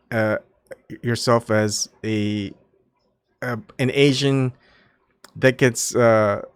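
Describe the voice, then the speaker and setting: A man's voice: mid-range voice, clean tone, dry recording. A man from Texas reading an article aloud and commenting on it in a casual, musing way, chuckling between points. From Houston, Texas. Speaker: commentary host.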